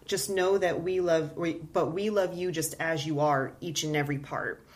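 A woman's voice: low-pitched, fairly even intonation, normal speed. A middle-aged woman, a children's book author, chatting casually as a podcast guest and laughing often.

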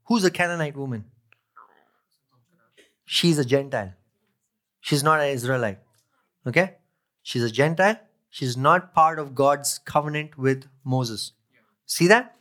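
A man's voice: a little high, lively intonation, unhurried, pauses often, fairly bright tone. A male pastor preaching a sermon, reading scripture aloud, repeating key phrases and asking his listeners questions. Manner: asks the congregation questions.

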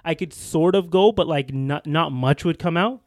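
A man's voice: on the high side, normal speed, darkish tone, no echo, clean studio sound. Rambling young man telling a story. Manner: rambling with many restarts and fillers. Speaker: podcast co-host. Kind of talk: casual storytelling chat.

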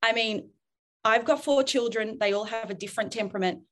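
Aussie woman in her 30s chatting parenting tips, lively, acts out little scenes. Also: fairly high pitch, a little fast. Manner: animated, acts out children and parents in quotes. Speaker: parenting expert guest. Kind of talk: casual podcast chat.

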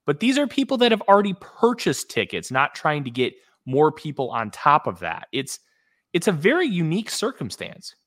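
A man hosting a podcast, speaking in an earnest, halting way with frequent restarts. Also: fairly high pitch, wildly swooping pitch, fairly bright tone. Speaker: podcast host. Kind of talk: casual podcast chat.

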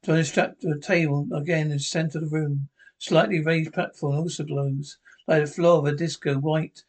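A man with a somewhat high speaking voice retells a TV episode scene by scene for a podcast. His reading is halting, with frequent restarts. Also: little pitch movement, low-quality recording. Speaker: podcast narrator.

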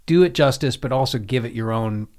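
A man's voice: mid-range voice, brisk, darkish tone. A man hosting a casual podcast chat, rambling in restarts, swearing and laughing often. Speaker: podcast host.

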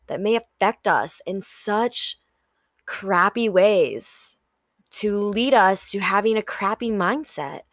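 A young woman talks through a solo motivational podcast at a slow, unhurried pace. Her voice sits in a middle register. She is candid and swears freely. The recording is dry and close, with no room sound. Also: mid-range voice, fairly bright tone, dry recording. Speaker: podcast host.

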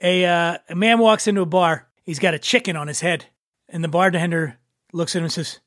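A man hosting a podcast in casual chat, jovial and quick to laugh. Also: high-pitched, steady tone, a bit bright, dry recording, clean studio sound. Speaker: podcast host.

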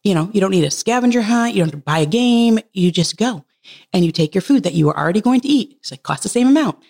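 A woman in her thirties, a podcast guest, telling a heartfelt personal story in casual conversation. She laughs often and leaps up in pitch when she quotes herself. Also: lively intonation, fast talker, vocal fry, darkish tone. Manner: earnest and heartfelt.

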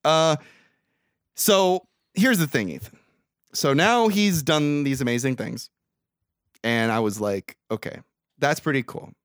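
A young man co-hosting a podcast, recapping a movie in casual, comedic chat, swearing freely and laughing loudly. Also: a little high, a little slow, long pauses, no room sound, studio quality.

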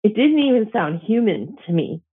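A middle-aged woman, a Métis elder, slowly and gently telling a personal story with emotional pauses. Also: mid-range voice, big pitch swings, breathy edge. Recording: tinny phone-like audio.

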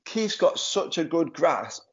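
A man with a Stoke-on-Trent accent hosting a podcast in casual chat, chatty and quick to laugh. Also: fairly high pitch, very animated, fairly bright tone. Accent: Stoke-on-Trent English. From Stoke-on-Trent, England. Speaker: podcast host. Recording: dull lo-fi audio.

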